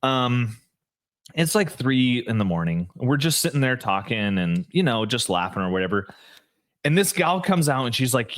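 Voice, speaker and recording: With a mid-range voice at normal speed, this man co-hosts a podcast and tells stories casually. He's lively and keeps saying "like," often backing up to begin again.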